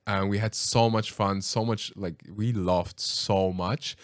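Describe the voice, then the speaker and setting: Male podcast host with a low, dry voice who tells stories in a lively, laughing way. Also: slow pace, few pauses, no room sound. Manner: animated, laughing storyteller with many fillers. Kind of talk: casual storytelling conversation.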